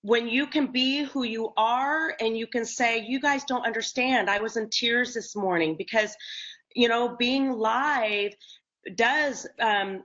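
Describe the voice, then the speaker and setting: A woman's voice: mid-range voice, fairly bright tone, highs cut off. A woman hosting a live social media chat, talking in an emphatic, effusive way. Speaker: host.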